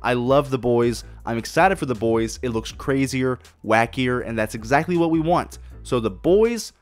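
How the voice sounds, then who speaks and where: A man's voice: mid-range voice, expressive, moderate pace, soft background music. A man hosting a solo podcast, talking casually and enthusiastically with lots of swearing and restarts. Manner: enthusiastic, profane, rambling with restarts. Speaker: podcast host.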